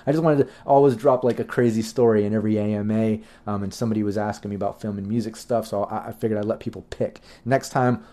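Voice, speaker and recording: A man's voice: mid-range voice, mellow. A middle-aged man hosting a livestream, telling loose, profane stories in a chatty, rambling way with lots of fillers. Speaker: livestream host answering chat questions. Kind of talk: casual rambling storytelling.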